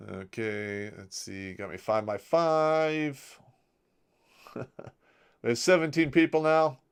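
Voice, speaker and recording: The voice is mid-range and slow with a clean tone, belonging to a middle-aged man hosting a livestream. He spins crude army stories in a joking, casual way, reads out comments from viewers, and often lets his phrases trail off.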